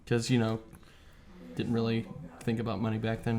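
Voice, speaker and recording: A man's voice: mid-range voice, normal speed, gravelly. A man hosting a casual podcast over beers, telling a story with lots of swearing and acted-out quotes. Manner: profane, animated storyteller who acts out quotes. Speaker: podcast host.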